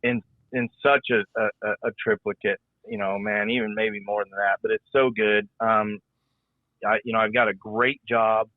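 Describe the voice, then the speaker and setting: A man's voice: fairly low pitch, level tone, normal speed, no echo. A middle-aged man, a former rodeo rider and announcer, talking in a rambling, folksy way on a podcast, often repeating his words. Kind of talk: casual podcast conversation. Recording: tinny phone-like line.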